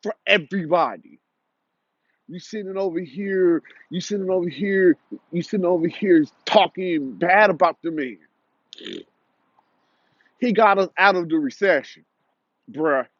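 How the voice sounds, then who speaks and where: A man's voice: high-pitched, unhurried, pauses often, no echo, lo-fi sound. A young man delivering a heated, repetitive, confrontational commentary rant.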